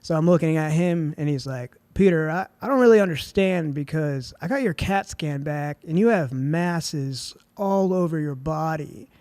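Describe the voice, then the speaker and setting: A man's voice: on the high side, animated, normal speed, hardly any pauses, a little mellow, no room sound. A man in his twenties, a podcast guest, telling a story casually with a lot of "like" and "dude". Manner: laid-back, heavy on "like" and "dude".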